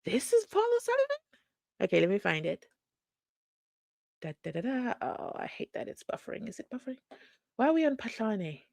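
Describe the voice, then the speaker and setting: Woman host from South Africa, very animated pitch, dry close sound, chatty livestream commentary. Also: brisk, vocal fry, long pauses, dry recording. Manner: animated, sings snippets, reads viewer comments aloud.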